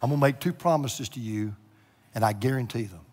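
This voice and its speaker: A middle-aged male pastor preaching a sermon, moving between hushed, near-whispered lines and loud, emotional passages. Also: medium pitch, fairly quick. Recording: echoey hall with long reverb.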